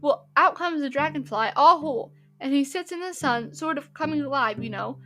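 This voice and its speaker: A woman's voice: sits high, normal speed, sharp tone, soft background music. Woman reading as an earnest little boy. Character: earnest little crippled boy, eager storyteller.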